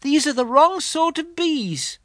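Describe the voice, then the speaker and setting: Pooh: a man doing a gentle, muddled toy bear. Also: very high-pitched, very animated, a little slow, no echo, studio quality, pitched above the performer's own voice, full character voice. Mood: earnest. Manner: ponderous, earnest, a bit muddled. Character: bear of little brain, mild, earnest, slow. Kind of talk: audiobook character reading.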